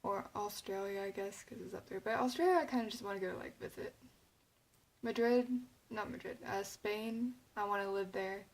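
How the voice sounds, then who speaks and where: A woman's voice: medium pitch, moderate pace, low-quality recording. A young woman talking casually to her camera, rambling, with lots of "like" and fillers, and sounding a little emotional. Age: young adult. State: emotional, near tears. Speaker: vlogger.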